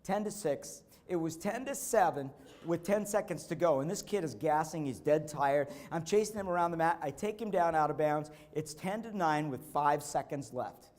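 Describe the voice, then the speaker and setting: Keynote speaker, man, higher-pitched, lively storyteller who repeats lines for effect and acts out quotes. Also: moderate pace. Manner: animated storytelling, repeating key phrases; acts out quotes, bursting into shouts. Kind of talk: motivational conference speech with personal stories. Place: conference stage.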